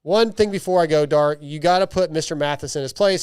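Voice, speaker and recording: A podcast host with a slightly high, smooth, darkish voice reads listener emails and jokes along the way, speaking fairly quickly. He talks loosely, full of restarts and asides, in a close, dry recording with no echo.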